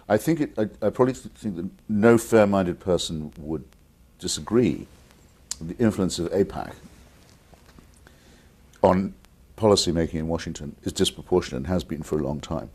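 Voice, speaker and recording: His voice is deep, husky, and a little mellow: an English-accented man in his fifties from England, answering viewer calls as an interview guest. He argues articulately and combatively, with many restarts.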